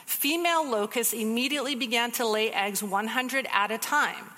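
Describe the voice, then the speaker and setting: A woman giving a casual, conversational sermon, teaching from a book of the Bible with quick asides. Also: fairly high pitch, sharp tone, big-room sound.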